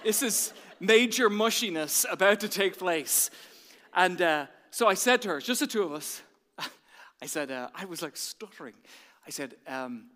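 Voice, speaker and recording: An Irish pastor delivers an animated sermon, his voice high and bright. He drops to a hush and then rises loud again. The sound carries a long reverb from the large church hall. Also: unhurried. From Ireland. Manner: animated storytelling, swinging from hushed to loud.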